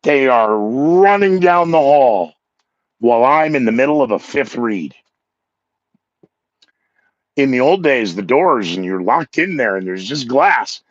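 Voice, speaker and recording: A man and former radio DJ talks through his podcast with a lively, swooping pitch, mocking himself and acting out the people he quotes. His throat is sore. The sound is dry and close, a little dull and lo-fi. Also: measured pace, pauses often, no room sound. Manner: animated, acts out quoted coworkers, self-mocking. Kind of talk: casual monologue with news headlines.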